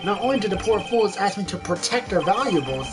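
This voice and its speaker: A woman's voice: mid-range voice, lively intonation, brisk, voice pushed up, natural voice. A woman voicing a smug, arrogant male detective with an oily, self-satisfied drawl, over game music.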